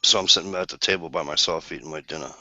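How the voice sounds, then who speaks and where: Deep-voiced man telling a rambling story. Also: very fast, pushed and bright, no room sound. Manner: storytelling, swears freely, rambling asides. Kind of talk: casual chat. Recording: dull lo-fi sound.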